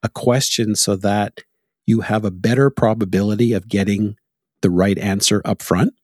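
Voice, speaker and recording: A Canadian man with a husky, fairly low voice chats casually as a podcast host. He talks animatedly, tells anecdotes and breaks into laughter often. The sound is dry and close, with no room echo. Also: fairly even intonation, moderate pace, a little mellow. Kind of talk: casual conversation.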